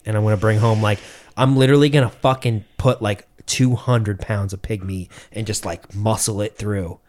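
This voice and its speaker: A man's voice: on the low side, normal speed. A young man from Massachusetts, co-hosting a podcast and telling stories casually with lots of swearing. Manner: profane, animated storytelling. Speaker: podcast co-host.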